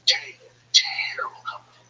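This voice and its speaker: Livestream host, male, bright sharp tone, stammering profane rambler. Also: normal speed, whispered, recorded from a distance, low-quality recording. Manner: rambling, profane, repeats himself; stammering restarts. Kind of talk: casual livestream chat.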